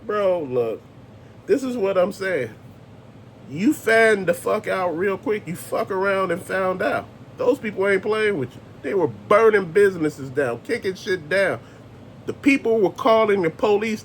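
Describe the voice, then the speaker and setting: Man, high voice, profane ranting commentary, blunt and emphatic, faint rumble behind. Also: lively intonation, moderate pace. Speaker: host.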